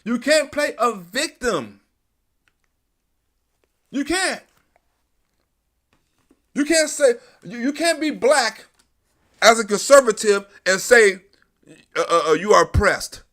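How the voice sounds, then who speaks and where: A man's voice: extremely high pitch, slow pace, long pauses, fairly bright tone. A man hosting a live stream, delivering an emphatic, profane, repetitive political commentary rant.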